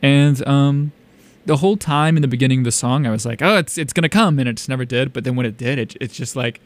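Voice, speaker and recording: A man's voice: medium pitch, flat delivery, fast. A young man DJ chatting casually about songs in a small radio studio, rambling with lots of fillers. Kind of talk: casual radio music chat.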